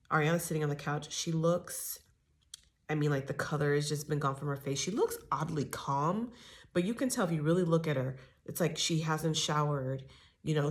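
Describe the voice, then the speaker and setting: Low-voiced chatty woman recapping TV. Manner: chatty, opinionated, many fillers and asides. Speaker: reality TV recap host. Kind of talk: casual recap commentary.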